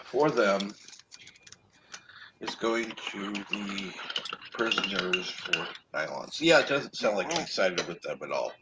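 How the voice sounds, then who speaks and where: A man's voice: low-pitched, expressive, slow pace, noisy background. A man chatting casually on an online call, rambling and trailing off as he thinks aloud. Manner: rambling, trailing off mid-thought. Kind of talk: casual chat.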